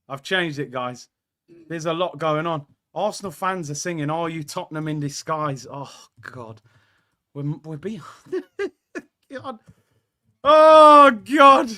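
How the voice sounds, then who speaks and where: A man hosting a live football watchalong, reacting excitedly to the play and reading out chat messages. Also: on the high side. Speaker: watchalong host. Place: indoor room.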